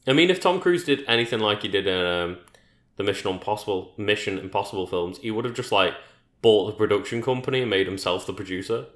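A man with a fairly low voice chats casually as a podcast co-host, chiming in with short reactions and laughs. His voice carries a roomy echo. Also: expressive, fast, a bit bright. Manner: laughing, brief reactive replies. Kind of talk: casual chat.

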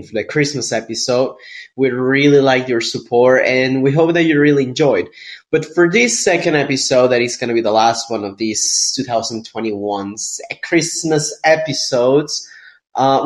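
A man co-hosting a podcast in casual chat, sounding sick and hoarse, talking in a loose, rambling way. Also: mid-range voice. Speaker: podcast co-host.

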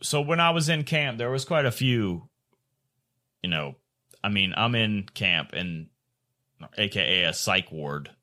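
A man's voice: fairly low pitch, animated, measured pace, long pauses, bright, forceful tone. A man co-hosting a podcast, telling a crude story in casual chat, swearing and laughing often. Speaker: podcast co-host.

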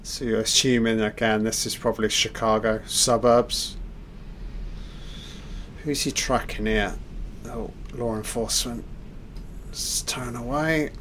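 A man's voice: medium pitch, steady tone, a little slow, long pauses, fairly bright tone, slight background noise. A man giving a loose, off-the-cuff film commentary, reacting aloud and swearing at the scenes.

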